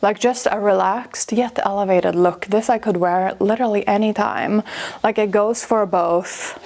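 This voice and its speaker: A young woman chatting casually in a fashion vlog, gushing over clothes with lots of "like" and quick asides. She sounds a little breathless as she changes outfits, with her pitch sitting in the middle range. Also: steady tone, a little mellow, a little hiss or hum. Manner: gushing, filler-heavy, says "like" a lot. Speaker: fashion vlogger. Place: her home wardrobe room.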